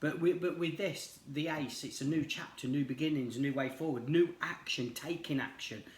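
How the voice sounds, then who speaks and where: A man's voice: on the high side, normal speed. Chatty man with roomy echo. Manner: chatty, rambling with many fillers and restarts. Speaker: tarot reader. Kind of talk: casual chat while reading cards.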